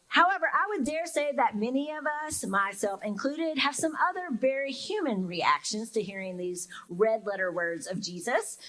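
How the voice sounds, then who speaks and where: A young woman pastor speaks in a slightly high, a bit bright voice over poor audio. Her sermon feels casual and reflective, heavy on fillers, conversational toward listeners, and she acts out how they might react inside.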